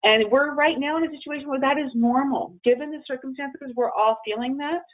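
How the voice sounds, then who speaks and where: A woman's voice: sits high, a little fast. A woman giving a webinar presentation on emotional well-being in a conversational way, with fillers and restarts. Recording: phone-line audio.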